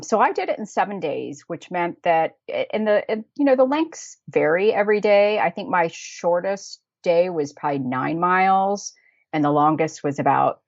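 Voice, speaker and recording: This podcast guest, a travel planner from the United States, has a low voice with vocal fry and no echo around it. Chatting loosely in the interview, she keeps laughing and drifts into fillers and restarted sentences. Her audio sounds dull, lo-fi and dry.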